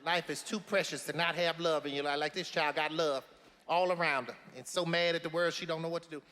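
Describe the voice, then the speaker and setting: An actor playing a blunt, preachy elderly grandmother with a loud, sassy drawl full of folksy sayings. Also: on the high side, steady tone, brisk, long reverb tail. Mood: earnest preaching. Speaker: advice-giving matriarch. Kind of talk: film comedy-drama acting.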